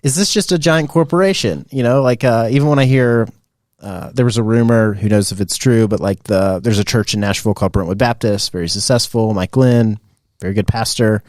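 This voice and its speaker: A man in his thirties hosting a podcast in casual chat. He talks in an animated way, with lots of fillers, and laughs often. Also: lowish voice, a little fast, no room sound, clean studio sound. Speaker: podcast host.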